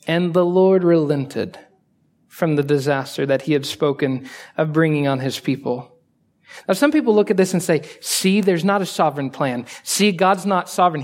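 A high-pitched male pastor preaches conversationally. He asks his congregation rhetorical questions and alternates between soft asides and emphatic, raised lines.

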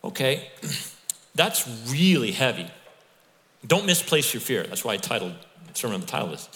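A middle-aged man preaching a sermon as pastor, telling stories in a conversational, animated way with asides to the congregation. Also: fairly low pitch, moderate pace. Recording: long hall reverb.

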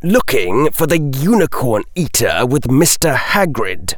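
A man's voice: medium pitch, big pitch swings, a little slow, pitched above the performer's own voice. A man voicing a proud, composed schoolboy who speaks in clipped lines in an audiobook. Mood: curt.

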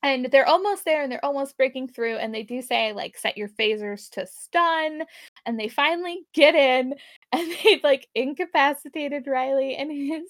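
A woman with a high, bright voice talks loosely and laughs often as she walks through an episode's plot. She keeps acting out lines of dialogue. The sound is close and dry, with no room around it. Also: moderate pace, dry recording. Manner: giggly, rambling, acts out characters' lines. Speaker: podcast co-host recapping an episode. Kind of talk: casual chat.

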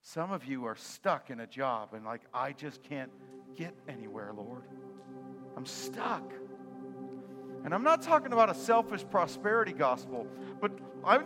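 A male pastor preaching a sermon in a loose, conversational and joking way, swinging between loud and soft. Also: high voice, huge pitch swings, a little fast, music in the background.

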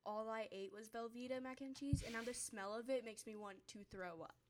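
A woman's voice: fairly high pitch, brisk, slight background noise. A teenage girl with a Southern US accent, leading a casual group chat and giggling often. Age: teen. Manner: giggly, chatty, Southern turns of phrase.

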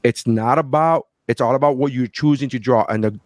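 A man's voice: medium pitch, brisk, no echo, studio quality. A man telling a personal story in casual chat and acting out the people he quotes. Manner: animated, acts out quoted people.

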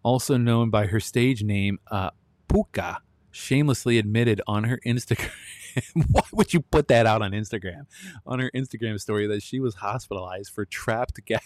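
A man's voice: lowish voice, normal speed, darkish tone, dry recording. A man in his thirties hosting a solo commentary show, blunt and ranting, often breaking into laughter. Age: 30s. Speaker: podcast host.

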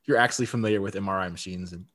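A man's voice: sits low, racing, fairly bright tone. A man co-hosting a podcast, casually recapping a TV episode, chatty, laughing often and repeating words. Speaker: podcast co-host.

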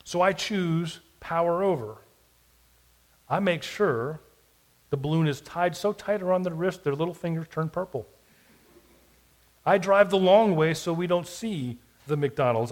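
A male pastor with a voice a little above the usual pitch preaches a sermon. He talks reflectively, dropping into soft, quiet asides and then rising into emphatic declarations. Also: lively intonation, unhurried. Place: church or podcast recording.

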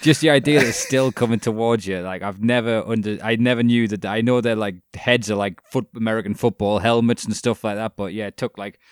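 A man's voice: on the low side, fairly even intonation, brisk, few pauses, clear, resonant tone, no echo. A British man chatting casually and swearing freely, often laughing as he tells stories. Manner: sweary, laughing, loose storyteller. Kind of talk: casual chat.

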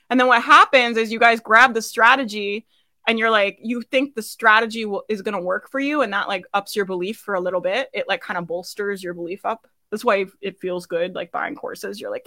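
A woman's voice: mid-range voice, normal speed, sharp tone. A young adult woman coaching business owners live, talking in a chatty way with lots of "like" and "right?" and frequent laughter. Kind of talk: live coaching talk to an online audience.

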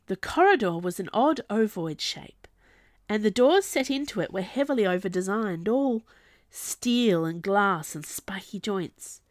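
Lively woman narrating a story. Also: medium pitch, a little slow, no echo, clean studio sound. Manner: lively, expressive storytelling with character voices. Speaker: audiobook narrator. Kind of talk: scripted narration.

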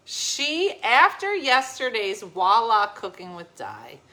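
Animated, laughing woman from New Jersey. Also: fairly high pitch, slow. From New Jersey, USA. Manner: animated, laughing storyteller acting out quoted voices. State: a little tipsy. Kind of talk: casual storytelling chat.

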